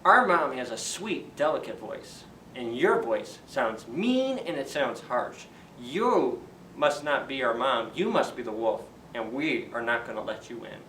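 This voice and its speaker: A man voicing a bold little boy gosling who defiantly shouts through a door in a storybook tale. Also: medium pitch, animated, measured pace, a little hiss or hum. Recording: roomy echo, distant from the mic.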